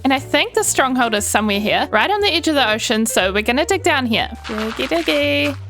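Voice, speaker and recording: A woman's voice: fairly high pitch, sing-song, fast, fairly bright tone. A young woman giving bubbly, chatty gameplay commentary, cooing at the animals in her game. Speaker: Minecraft YouTuber. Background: faint background music.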